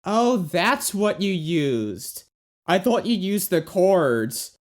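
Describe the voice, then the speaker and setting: A woman's voice: lowish voice, big pitch swings, takes it slowly, darkish tone. A woman in casual podcast chat who carefully checks details. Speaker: podcast guest musician.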